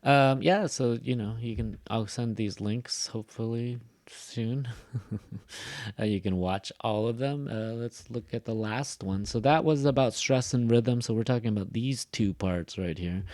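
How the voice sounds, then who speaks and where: A man teaching English online, speaking at an ordinary mid pitch. He models phrases over and over and drifts into loose asides. The sound is close and dry, straight into his computer mic. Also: a little slow, a little mellow, dry recording. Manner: repeats and models words aloud, chatty asides. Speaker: ESL teacher. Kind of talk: online class lecture.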